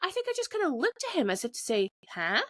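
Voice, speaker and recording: A woman's voice: very high-pitched, sing-song, racing, a little mellow, no room sound. A woman talks straight into a podcast mic. The sound is dry and close, with no room around her. She is frank and sweary, and she often breaks off and restarts her sentences. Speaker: podcast host. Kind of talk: candid solo podcast monologue.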